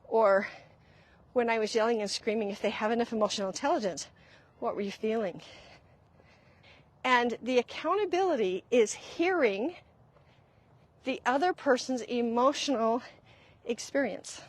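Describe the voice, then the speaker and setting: A middle-aged woman with a slightly high voice talks through her own experiences as a podcast host. She is earnest and confessional, and she repeats her key points so they land. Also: animated, moderate pace. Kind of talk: reflective solo talk.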